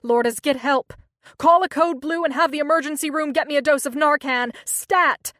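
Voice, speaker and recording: A woman voicing a woman doctor who gives urgent, forceful orders in an emergency, in an audiobook. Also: sits high, normal speed, no echo, clean studio sound, voice pushed up.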